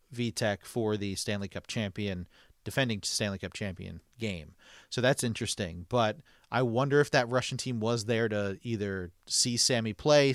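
A man's voice: fairly low pitch, smooth, no room sound, clean studio sound. Chatty man on a sports podcast. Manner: upbeat, announcer-like segment intros. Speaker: podcast co-host. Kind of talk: casual sports podcast chat.

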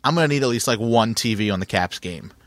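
A man's voice: medium pitch, expressive, quick pace, no echo. A man co-hosting a podcast, telling a story in casual chat, with many fillers and restarts. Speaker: podcast co-host.

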